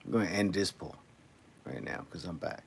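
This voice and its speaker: A man's voice: low-pitched, lively intonation, moderate pace, creaky, a little hiss or hum. A man livestreaming, chatting casually to viewers in a loose, rambling way with lots of repeated phrases.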